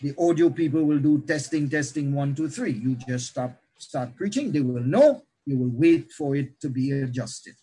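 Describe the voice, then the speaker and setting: A man, himself a pastor, lecturing other pastors on how to preach, with animated teaching that shifts pace and loudness. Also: medium pitch, moderate pace, hardly any pauses, breathy edge, low-quality recording.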